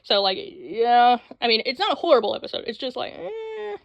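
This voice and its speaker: A young woman rambling excitedly about anime in a casual vlog, full of fillers and sudden jumps in voice. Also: a little high, gravelly, no room sound, lo-fi sound. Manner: rambling, excitable, with frequent fillers and quick voice switches. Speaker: anime vlogger. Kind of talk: casual chat. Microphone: phone mic.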